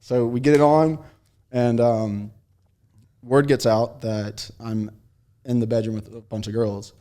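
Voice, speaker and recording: A young man chatting casually as a podcast guest, telling long stories in a relaxed way and laughing often. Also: medium pitch, measured pace. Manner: laid-back storytelling with frequent laughs. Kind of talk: casual chat.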